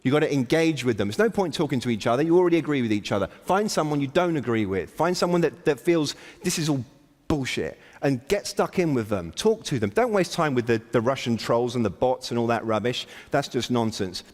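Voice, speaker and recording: A middle-aged man opens a conference with a blunt, provocative keynote that also pokes fun at himself. His mid-range voice is lively in intonation and fairly quick, with long reverb from the large conference hall.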